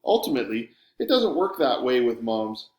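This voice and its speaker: A man narrating a first-person story with a sardonic, wry edge, at a middle pitch for a man. The recording has a clearly roomy echo around the voice. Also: very animated, moderate pace, a little mellow. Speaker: audiobook narrator.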